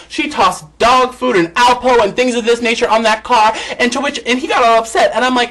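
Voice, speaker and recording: Male vlog host, high voice, sassy and campy celebrity gossip delivery with big pitch swings. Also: lively intonation, fairly quick, hardly any pauses, fairly bright tone, low-quality recording. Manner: swoops between high and low pitch.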